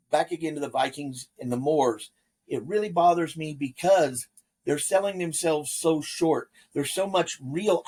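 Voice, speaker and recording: A man with a husky, slightly high voice shares earnest opinions on a casual podcast. He slips in dry quips between his points. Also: a little mellow. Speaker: podcast co-host. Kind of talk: casual chat.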